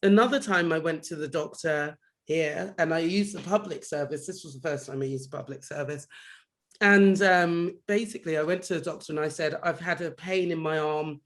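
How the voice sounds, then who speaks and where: A young man from London chats on a podcast in a fairly high voice. He tells his stories with energy and drops the odd swear word when he gets heated. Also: moderate pace. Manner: animated storytelling, swears when recounting anger. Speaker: podcast co-host. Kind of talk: casual chat.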